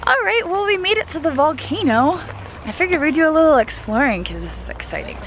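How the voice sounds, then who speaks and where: A woman vlogging outdoors while hiking up a volcano, excitable and quick to laugh, at times out of breath, speaking into a handheld camera mic. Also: sits high, some chatter behind, a little hiss or hum. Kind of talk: outdoor adventure vlog.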